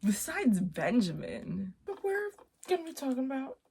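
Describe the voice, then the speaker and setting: A young woman chatting casually in her vlog, playful and rambling, with sudden loud exclamations. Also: high voice, wildly swooping pitch, measured pace, creaky, background noise. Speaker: vlogger.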